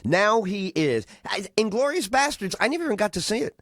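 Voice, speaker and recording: A man hosting a radio show in casual chat, telling stories in an animated, rambling way. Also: sits high, fairly quick, creaky, dry recording, studio quality. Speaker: radio host.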